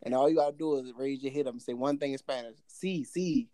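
A man's voice: mid-range voice, fairly even intonation, very fast, warm tone, no room sound. A man co-hosting a podcast, telling stories and acting out quotes in casual chat. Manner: storytelling with acted-out quotes, laughs easily. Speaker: podcast co-host.

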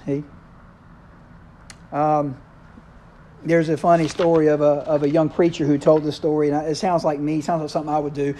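Man preaching a sermon, mellow voice. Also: a little high, little pitch movement, moderate pace, long pauses, a little hiss or hum. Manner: conversational, checks in with the congregation.

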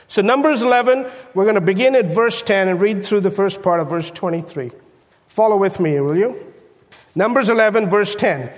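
A man preaching a sermon in a church, earnest, and animated when he retells Bible stories. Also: high-pitched, in a large hall. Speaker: pastor. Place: church sanctuary.

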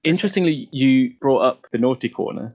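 A man's voice: mid-range voice, fairly quick. A man hosting a casual podcast chat, chatty and laughing often. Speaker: podcast host. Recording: dull lo-fi podcast audio.

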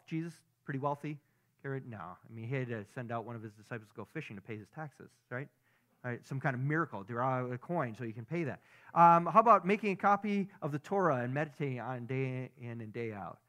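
A man's voice: medium pitch, fairly bright tone. A man preaching a sermon in a casual, conversational way, asking his listeners many rhetorical questions. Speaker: pastor.

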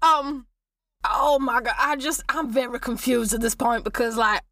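A woman's voice: a little high, moderate pace, fairly bright tone, no echo, studio quality, far from the mic. A woman doing a flustered, devout, ghoul-fearing woman. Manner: flustered, exclaiming, stammering.

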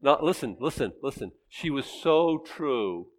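A man's voice: mid-range voice, animated, a little slow. A man in his sixties giving a conversational sermon as pastor, chatting with the congregation and poking fun at himself. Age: 60s. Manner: chatty, asks the congregation questions, self-teasing.

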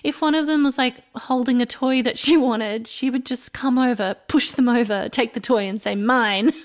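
A woman's voice: fairly high pitch, normal speed. Chatty woman podcast co-host. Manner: chatty storytelling, frequent laughter and filler words. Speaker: fertility coach. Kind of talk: casual chat.

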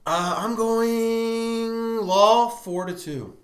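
A man hosting a rowdy podcast, swearing, joking and laughing loudly as he runs through picks. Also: extremely high pitch, drawn-out words, reverberant. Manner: loud, profane, laughing, mock French bits. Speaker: podcast host. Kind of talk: rowdy casual podcast banter. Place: room with live audience.

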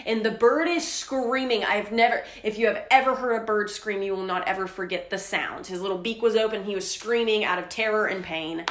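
A woman's voice: medium pitch, a little fast, few pauses, reverberant. A young woman co-hosting a casual faith podcast, telling personal stories candidly and with animation. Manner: candid, animated storytelling with laughs. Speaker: podcast co-host.

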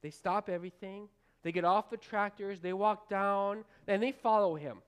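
A woman's voice: mid-range voice, normal speed, clean tone. A woman pastor giving an informal, rambling sermon, talking straight to the congregation with fillers and restarts. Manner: folksy, talks straight to the congregation. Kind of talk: conversational sermon.

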